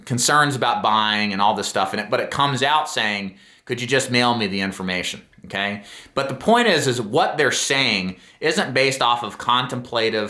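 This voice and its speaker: A middle-aged man teaching insurance sales to camera, speaking earnestly and emphatically and often checking in with a quick "okay?". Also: mid-range voice, bright, forceful tone. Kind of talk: instructional talk to camera. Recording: roomy echo.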